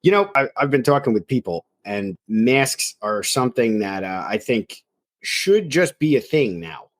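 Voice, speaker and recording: An easygoing man co-hosting a comedy podcast, chiming in and building on his partner's points. His voice sits at a middling pitch for a man and has a relaxed, conversational delivery. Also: measured pace. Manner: easygoing, chimes in and agrees readily. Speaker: podcast co-host. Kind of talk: casual comedic chat.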